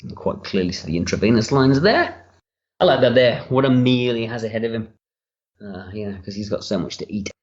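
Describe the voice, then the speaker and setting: A man with a lowish voice gives a candid, rambling director's commentary and curses casually along the way. He talks from a room at home. The recording sounds dull and lo-fi. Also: expressive, brisk. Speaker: writer-director giving commentary. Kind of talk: relaxed audio commentary.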